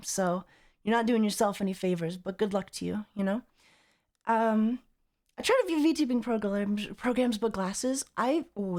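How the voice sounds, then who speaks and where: A woman's voice: medium pitch, darkish tone. A young adult woman streaming as a VTuber, chatting casually and reading chat aloud in a teasing, playful way.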